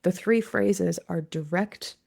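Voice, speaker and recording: Slow and darkish, with noticeable vocal fry and a lowish pitch, this woman is a grief expert and author being interviewed as a guest. She speaks earnestly in a conversational way, drawing on quoted examples to explain how she works with grieving people.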